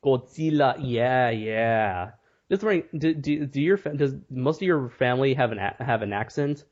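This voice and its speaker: A man co-hosting a podcast in casual chat, quick and jokey with frequent laughs. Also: medium pitch, expressive. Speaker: podcast co-host. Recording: dull lo-fi audio.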